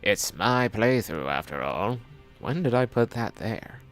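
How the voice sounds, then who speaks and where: A man's voice: lowish voice, sing-song, a little slow, fairly bright tone, soft background music. A man streaming a video game, rambling and joking as he plays. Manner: jokey, rambling, talking to himself. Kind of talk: casual gameplay commentary.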